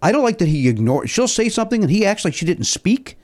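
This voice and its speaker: Animated man riffing as a podcast guest. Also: high-pitched, fast. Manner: animated, complaining banter. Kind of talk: casual chat.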